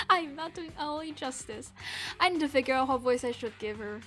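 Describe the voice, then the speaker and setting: A woman from Asia chatting casually on a livestream, self-deprecating and quick to laugh. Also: sits high, animated, pushed and bright, faint music behind. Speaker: streamer.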